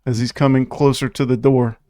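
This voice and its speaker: A relaxed male game master describing dark scenes and calling for rolls. His voice sits at an average pitch and sounds close and dry, with no room echo. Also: a little fast. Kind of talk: running a tabletop game.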